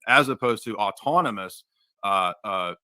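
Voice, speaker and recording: A man arguing his side in a formal debate, talking rapidly and assertively. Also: lowish voice, animated, pushed and bright, no echo.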